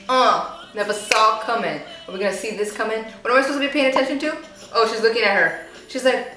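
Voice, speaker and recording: A woman's voice: medium pitch, fast talker, bright, forceful tone. Chatty woman reacting from a roomy distance. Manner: chatty, playful, talks back at the screen. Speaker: reaction video host. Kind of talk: casual reaction commentary. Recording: roomy echo, distant from mic, faint music.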